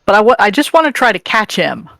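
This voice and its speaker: Bright, animated tabletop player. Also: mid-range voice, quick pace, vocal fry, dry recording. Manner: eager, laughing, explaining actions. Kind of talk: casual tabletop game chat.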